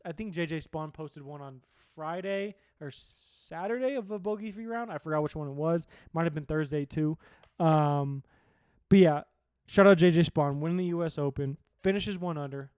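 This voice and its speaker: A young male sports podcast host with a slightly high voice chats casually about the weekend's golf. He rambles, restarts and swears freely. The recording is dry, with no room sound. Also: moderate pace, a little mellow, clean tone, no echo. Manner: rambling, profane, conversational recap.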